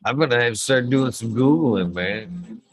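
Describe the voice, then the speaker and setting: A man's voice: mid-range voice, normal speed, no echo, poor audio. A man chatting casually, telling stories with plenty of swearing and calling his friend brother. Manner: profane, animated storytelling, calls people brother. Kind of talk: casual chat.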